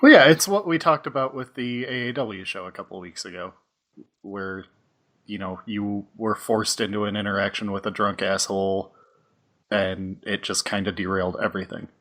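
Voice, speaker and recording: A man hosting a casual podcast chat, easygoing, quick to laugh and asking probing follow-up questions. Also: fairly low pitch, a bit bright. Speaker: podcast host.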